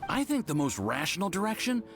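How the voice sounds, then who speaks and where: A man's voice: high-pitched, huge pitch swings, brisk, vocal fry, exaggerated voice. A man voicing an eager, polite young male research assistant in a game. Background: faint game music.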